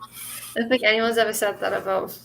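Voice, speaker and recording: A woman's voice: medium pitch, flat delivery, fairly quick, vocal fry, noisy background. A woman from the north west of England with a Scouse accent, chatting easily as a co-host. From Skelmersdale, England. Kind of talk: casual chat on a livestream.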